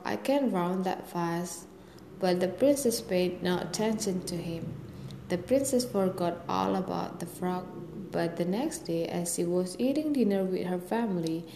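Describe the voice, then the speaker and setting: A woman reading a fairy tale aloud in a gentle, steady storytelling manner. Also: lowish voice, a little hiss or hum. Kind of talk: storybook read-aloud narration. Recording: echoey room with faint ambience.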